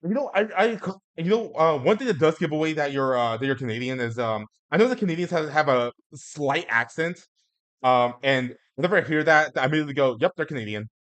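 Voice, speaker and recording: A man's voice: fairly high pitch, animated, brisk, fairly bright tone. A man hosting a casual talk stream, speaking hesitantly with frequent restarts. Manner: hesitant, many fillers and restarts. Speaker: host. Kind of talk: casual chat.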